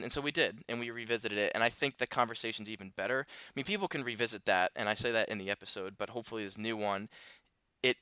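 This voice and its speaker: A man's voice: on the low side, sharp tone, clean tone, dry recording. A man hosting a podcast interview, enthusiastic and loose, often restarting his sentences. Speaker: podcast host. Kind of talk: casual interview.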